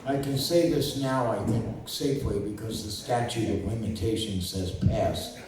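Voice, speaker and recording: A man's voice: on the low side, moderate pace. Older man spinning rambling stories in an echoey room. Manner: rambling, with many fillers and restarts. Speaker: lawyer and guest. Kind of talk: casual storytelling. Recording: roomy distant recording with faint noise.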